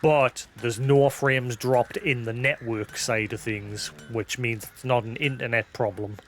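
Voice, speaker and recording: A man's voice: mid-range voice, steady tone, unhurried, soft background music. A man who hosts a live stream, chatting casually, rambling and self-deprecating, thinking aloud with many restarts. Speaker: livestream host.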